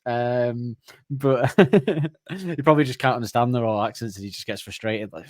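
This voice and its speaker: A man's voice: mid-range voice, normal speed, darkish tone, no room sound. A man hosting a podcast in casual chat, chatty and laughing often. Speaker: podcast host.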